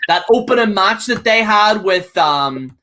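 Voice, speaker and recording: Bright-voiced man on an angry rant. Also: high voice, lively intonation, measured pace. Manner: angry, profane, repeats himself, keeps ending with "okay?". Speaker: co-host. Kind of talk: casual podcast rant.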